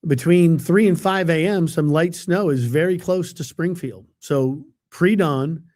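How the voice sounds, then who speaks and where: A man's voice: on the high side, measured pace, a little mellow. A middle-aged man, a TV weatherman chatting casually on a live webcast and reading out viewer comments, rambling and self-deprecating with lots of fillers. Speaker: TV meteorologist hosting a live webcast.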